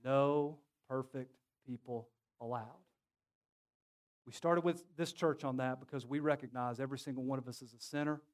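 A man preaching a sermon as pastor, joking and calling on his congregation to answer back. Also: mid-range voice. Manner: lively, joking, calls on the congregation to respond. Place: church sanctuary.

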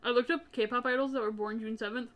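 Quippy young woman co-host, higher voice. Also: fairly even intonation, fast talker, a bit bright, slight background noise. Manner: dry, quippy interjections. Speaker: podcast co-host. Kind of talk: casual unscripted chat.

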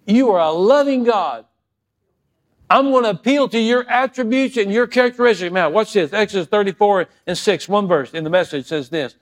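A man delivers a sermon in a fairly high voice. He drifts between soft, prayerful musing and loud, fervent preaching. Now and then he acts out scripture and everyday stories in voices of their own. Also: normal speed. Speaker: pastor.

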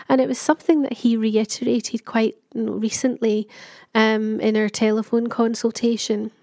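Middle-aged woman, candid personal monologue, chatty with fillers, slightly high voice. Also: little pitch movement, moderate pace, darkish tone, dry recording, clean studio sound. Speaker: patient telling her story.

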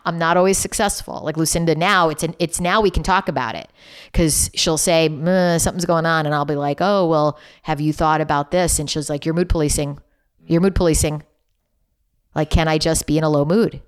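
A woman's voice: deep voice, a little fast, clean tone. A middle-aged woman, a podcast guest, chatting casually and acting out conversations as she tells stories. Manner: animated storyteller, acts out dialogue. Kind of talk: casual interview chat.

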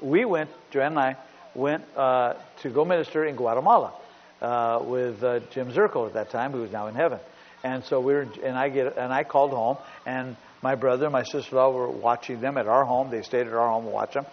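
A man's voice: mid-range voice, fairly even intonation, brisk. A middle-aged man preaching a sermon as pastor, telling stories emphatically and repeating points. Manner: storytelling, emphatic, repeats himself. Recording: dull recording in a big reverberant hall.

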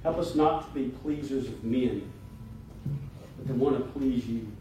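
A man, a pastor, preaching a sermon and leading a prayer, emphatic when preaching and quieter and slower in prayer. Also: mid-range voice. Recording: echoey hall, distant mic, noisy.

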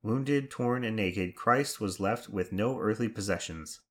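A man leading devotional prayers and reflections in a measured, reverent recitation. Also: lowish voice, fairly bright tone. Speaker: prayer leader.

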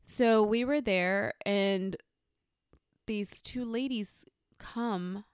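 A woman in her thirties co-hosting a casual podcast, telling a story and getting animated as it builds. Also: drawn-out words, clean tone, no echo, studio quality. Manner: animated storyteller, rises high when excited. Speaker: podcast co-host.

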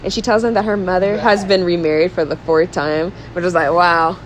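Animated young woman, podcast host. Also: on the low side, fairly quick, noisy background. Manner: animated, acts out characters' lines in voices, laughs often. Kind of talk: casual chat recapping a film.

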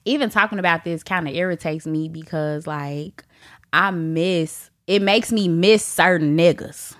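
A woman's voice: mid-range voice, no room sound, clean studio sound. A woman hosting a candid solo podcast, talking bluntly and profanely, laughing often and breaking into mock wailing. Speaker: podcast host.

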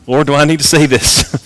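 A man preaching a sermon, rising to loud emphatic peaks and dropping to soft, low asides.

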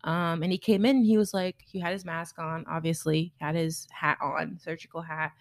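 A young woman co-hosting a podcast, chatting casually and telling stories with lively quoted voices. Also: low-pitched, moderate pace, dry recording. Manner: animated storyteller, acts out quoted voices. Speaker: podcast co-host. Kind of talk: casual chat.

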